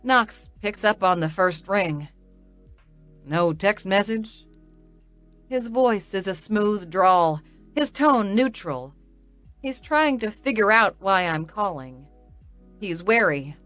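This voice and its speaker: A woman's voice: medium pitch, animated, measured pace, fairly bright tone, faint music behind. A woman reading a first-person romance audiobook with an emotional, wobbly, tearful delivery. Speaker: audiobook narrator.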